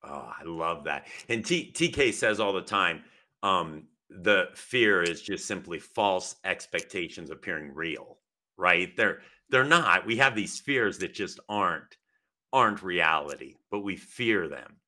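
A man hosting a podcast interview, talking in an animated, casual way with frequent restarts. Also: deep voice, measured pace. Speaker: podcast host.

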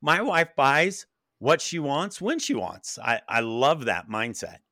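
A man's voice: medium pitch, big pitch swings, slow, pushed and bright, dry recording, clean studio sound. A man hosting a casual interview chat, talking with enthusiasm and acting out quoted voices in his stories. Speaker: podcast host.

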